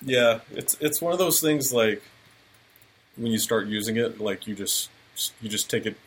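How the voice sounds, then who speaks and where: Man, husky low voice, developer guest, easygoing explaining. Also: normal speed. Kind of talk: casual interview answers.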